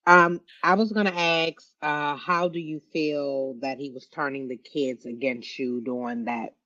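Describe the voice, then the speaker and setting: A woman's voice: low voice, steady tone, measured pace, pushed and bright, no echo. A woman hosting a podcast interview, chiming in with supportive agreement and questions. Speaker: podcast host. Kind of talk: interview conversation. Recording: dull lo-fi sound.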